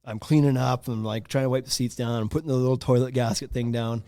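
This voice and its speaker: A man in his thirties hosts a podcast, telling a story loosely and animatedly, laughing and using lots of fillers. His voice is medium-pitched and fast, on a dry, studio-quality recording.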